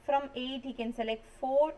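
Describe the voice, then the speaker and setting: A woman's voice: high voice, fairly even intonation, normal speed, mellow, low-quality recording. Woman teaching maths step by step. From India. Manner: explains step by step, checks in with students. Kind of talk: exam revision lecture.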